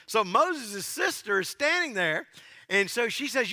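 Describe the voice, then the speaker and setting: A man preaches to his congregation in a folksy, joking way, his voice high and ringing sharp. His pitch swoops up and down as he tells the story. The sound carries the long reverb of a big church hall. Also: big pitch swings, normal speed. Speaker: pastor. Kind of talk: sermon. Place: church sanctuary.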